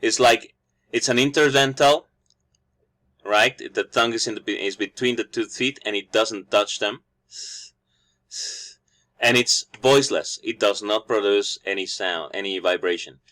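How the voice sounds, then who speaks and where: A man's voice: on the low side, unhurried, pauses often, bright, forceful tone. A man whose first language is Spanish teaches English phonetics, explaining each sound and repeating every example word after the audio.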